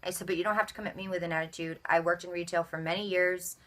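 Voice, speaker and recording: A young woman vlogging, telling a retail complaint story in an animated way and acting out the dialogue of everyone involved. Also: lowish voice, fast. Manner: animated, acts out both sides of dialogue. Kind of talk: storytelling rant.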